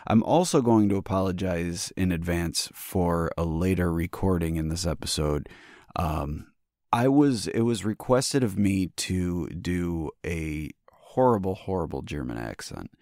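A man's voice: low voice, a little slow, a little mellow, dry recording, clean studio sound. A man co-hosting a podcast, chatting casually in a joking, profane way with frequent restarts. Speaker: podcast co-host. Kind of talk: casual chat.

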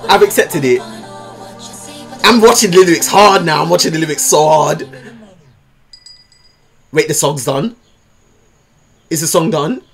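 A man hosting a music video reaction, loud and excitable, swearing and jumping into high squeals. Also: a little slow, vocal fry, pauses often. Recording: music playing behind.

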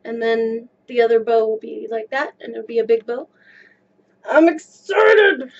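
Squealy excited girl unboxing stuff at home, high voice, muffled lo-fi cam audio. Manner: gushing, breathless, squealing. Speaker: vlogger unboxing a skirt.

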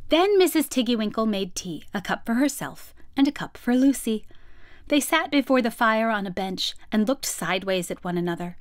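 A woman reading a children's storybook aloud in a gentle, measured storytelling manner. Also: on the high side, expressive, dry recording, clean studio sound. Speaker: storybook reader.

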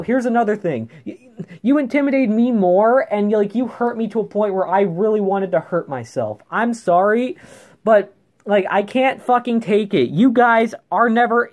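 A man's voice: high voice, a little mellow. A young man in his late teens ranting emotionally in a confessional vlog, upset, rambling and swearing, with many restarts. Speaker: vlogger.

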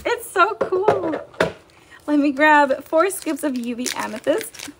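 With a high voice and lively intonation, this young woman speaks slowly on her livestream, filling orders and reading out viewer comments in a bubbly, chatty manner. Slight background noise is present.

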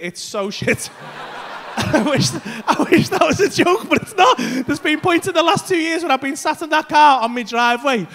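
A male stand-up comedian telling a story on a comedy club stage, animated and swearing, shouting his punchlines. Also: very high voice, slight background noise.

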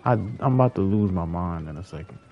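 A man's voice: sits low, expressive, fairly quick, dull audio, a little hiss or hum. A young man giving casual gameplay commentary, frustrated and swearing as he talks to himself. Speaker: gaming streamer.

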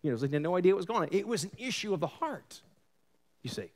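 Animated New pastor preaching. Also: male voice, high voice, quick pace. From Long Island, New York. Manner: animated storytelling, acts out quoted voices, sarcastic asides. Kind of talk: sermon.

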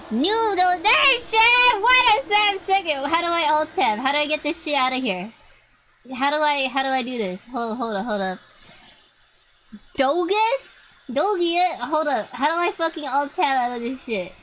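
Excitable swearing young woman streamer. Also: high voice, normal speed, a little hiss or hum, poor audio. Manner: excitable, swears freely, talks to chat. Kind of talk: live gameplay commentary.

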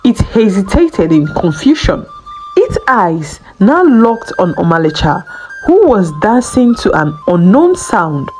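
Female storyteller, unhurried folktale narration, lively melodic pitch. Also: faint music behind, poor audio. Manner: slow, lilting storytelling delivery.

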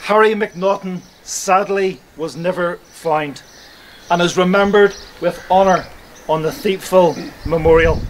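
A man's voice: high voice, low-quality recording. A man giving a solemn historical address at an outdoor memorial service. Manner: measured, solemn delivery. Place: outdoors at a churchyard. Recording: outdoor recording with faint ambient noise.

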